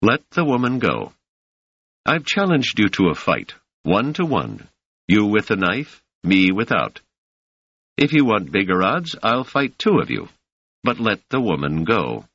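A man playing a calm, defiant young traveler. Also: on the low side, measured pace, dry recording, voice pushed up, heavily acted. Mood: pleading firmly. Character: calm, defiant male traveler facing thugs. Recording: dry, slightly muffled lo-fi audio.

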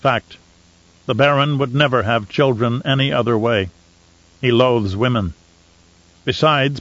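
A man narrating an audiobook in a steady storytelling voice. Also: mid-range voice, no echo, muffled recording. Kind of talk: scripted narration.

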